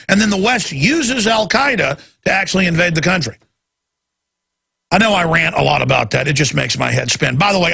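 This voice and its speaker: A male talk radio host with a gravelly, raspy voice, ranting hard and sarcastically. His tone is forceful and sits a little on the high side for a man. He runs heated political commentary in a driving delivery.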